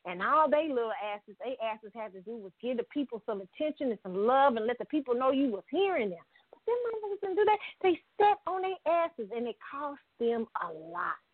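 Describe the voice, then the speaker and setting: A woman rants heatedly in a vlog, swearing often and breaking into laughs between her points. Her voice sits a little high. The sound is dry and thin, as if it came through a phone. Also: animated, normal speed, hardly any pauses, no echo, narrow, tinny audio. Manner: blunt, heated, swearing freely, with frequent laughs. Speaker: vlogger. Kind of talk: profane political rant.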